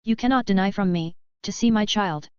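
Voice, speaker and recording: A woman's voice: medium pitch, fairly quick, darkish tone, clear, resonant tone, no room sound, dull audio, close to an everyday voice. A woman reading a guilt-ridden young warrior who speaks with remorse and pleads. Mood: pleading.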